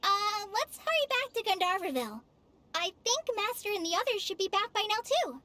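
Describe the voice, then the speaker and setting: A woman voicing a shy, gentle young forest ranger in a video game, soft-spoken and hesitant. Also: very high-pitched, animated, a little fast, a little hiss or hum, full character voice. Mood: flustered. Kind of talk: video game cutscene voice acting. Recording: game audio with music underneath. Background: game background music.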